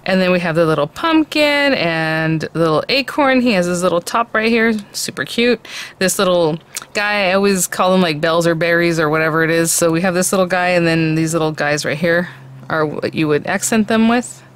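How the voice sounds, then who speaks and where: A woman's voice: fairly low pitch, normal speed, clean tone. A woman hosting a casual craft tutorial, chatting about each little piece as she shows it. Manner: chatty, warm-hearted, calls pieces "little guy". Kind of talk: casual product demo.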